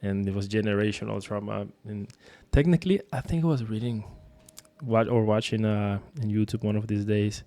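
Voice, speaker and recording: A man's voice: fairly low pitch, brisk, mellow. A man from Nicaragua in a casual, reflective podcast chat, talking loosely as he searches for words. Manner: loose, searching, restarts and fillers.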